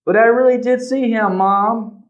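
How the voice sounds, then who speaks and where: A man voicing an excitable young boy who insists he saw Bigfoot, speaking high and shouting in a children's storybook read-aloud. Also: a little slow. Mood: apologetic. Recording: slightly dull lo-fi recording.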